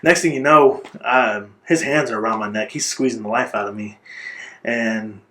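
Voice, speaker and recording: A man's voice: medium pitch, sharp tone. Earnest man recounting his life story. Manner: earnest and reflective, pausing to gather words. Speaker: interview guest. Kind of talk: personal life story in an interview.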